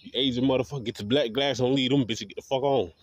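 A man's voice: medium pitch, fast talker, husky, no room sound, dull audio. A man delivering a profane, defiant, repetitive rant to camera as a video blogger. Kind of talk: ranting monologue to camera.

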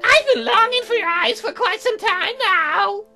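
A woman voicing a giddy, creepy young noblewoman in a sing-song, high baby-talk voice while playing a game. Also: measured pace, pushed and bright, faint music behind, exaggerated voice. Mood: gleeful. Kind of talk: let's play character voice.

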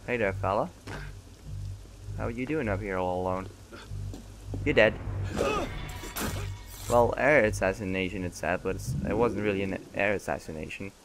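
A man's voice: lowish voice, normal speed, vocal fry, long pauses, music in the background. A man giving casual, joking gameplay commentary and talking back to the game's characters. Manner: joking, chatty, talks back to game characters. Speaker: let's play gamer.

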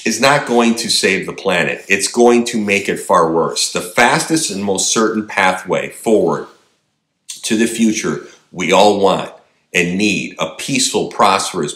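A man's voice: low-pitched, fairly bright tone, roomy sound. A man delivering an emphatic opinion monologue, firing rhetorical questions at his audience. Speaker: political commentator.

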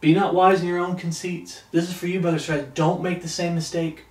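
A man with a rather high voice gives a sermon, lingering emphatically over scripture before offering blunt commentary. His delivery is flat and brisk, with a darkish tone. He sounds slightly off-mic, surrounded by roomy echo.

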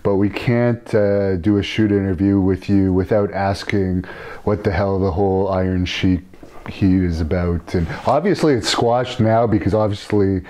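A man hosting an interview, asking questions in a relaxed, conversational way. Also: low-pitched, normal speed. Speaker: interview host.

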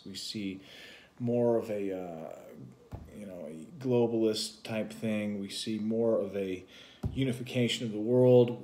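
A man's voice: on the low side, a little mellow. A man co-hosting a vlog, talking casually and musing at length in a loose, rambling explanation. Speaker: vlog co-host.

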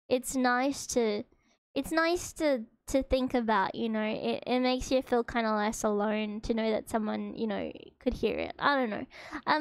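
A woman's voice: sits high, smooth, no echo. A young woman with an Australian accent, chatting casually with viewers as a streamer in a hesitant, rambling, emotional way.

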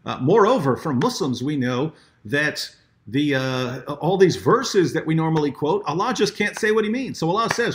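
A man hosting a live discussion, telling stories in an animated way with many restarts. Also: fairly high pitch, normal speed. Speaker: apologetics show host.

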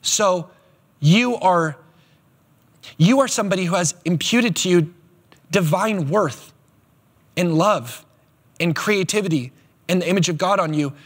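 A man preaching a sermon as pastor, animated and emphatic, with quick asides. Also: high-pitched. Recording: long hall reverb.

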